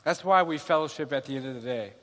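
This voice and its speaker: A man's voice: a little high, quick pace, fairly bright tone. A man preaching a sermon in an earnest, conversational way, repeating key phrases, in a large room with bleachers. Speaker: pastor. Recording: long hall reverb.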